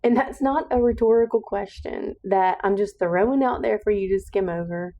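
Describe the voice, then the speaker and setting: A woman's voice: medium pitch, normal speed, dark tone, dull audio. A woman hosting a solo podcast, speaking in an earnest, encouraging monologue with emphatic repetition. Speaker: podcast host.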